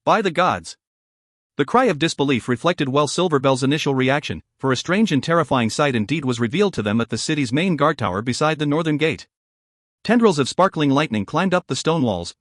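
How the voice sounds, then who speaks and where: A man narrating a fantasy audiobook in an even, storytelling manner. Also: fairly high pitch, no echo, studio quality.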